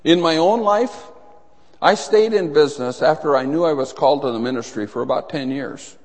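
Slightly high and at normal speed, the voice comes from a middle-aged man preaching a sermon as a pastor. He tells his stories with animation, acting out voices in the anecdotes, under the long reverb of a large hall.

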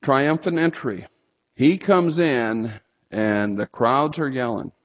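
A man preaching a sermon, telling stories and sometimes breaking into loud outbursts. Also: medium pitch, slow. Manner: storytelling with sudden loud outbursts. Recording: slightly dull lo-fi sound.

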